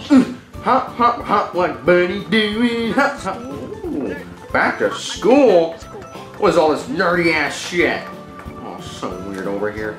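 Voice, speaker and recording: A high, whiny little boy who is dim and bratty, his voice leaping wildly up and down as he babbles excitably. The voice rings in an echoey room with music playing behind it. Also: full character voice.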